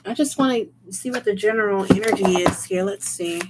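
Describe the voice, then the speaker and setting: A woman's voice: mid-range voice, fairly quick, heavy background noise. A woman doing a casual livestream as a tarot reader, chatting, laughing often and greeting viewers by name.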